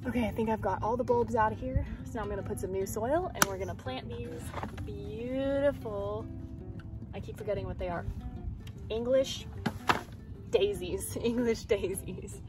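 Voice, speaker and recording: A hyper, rambling young woman from the United States chats her way through a day of gardening at home. Her voice sits at a middle pitch and stays upbeat and chatty, with music playing clearly behind her. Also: brisk. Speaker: vlogger. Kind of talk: casual chat while gardening. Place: at home, indoors and in the yard.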